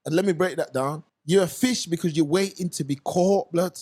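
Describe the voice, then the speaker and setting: A man's voice: on the high side, normal speed. A man co-hosting a casual podcast chat, telling stories in slang and acting out the people in them. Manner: animated storytelling, slangy, acts out quoted voices. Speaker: podcast co-host.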